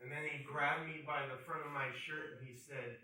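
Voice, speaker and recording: A man doing stand-up, telling a story in an awkward, deadpan, self-deprecating way on a handheld stage mic in a comedy club. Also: fairly high pitch, moderate pace, slight background noise. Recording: echoey club from far off. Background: crowd laughing.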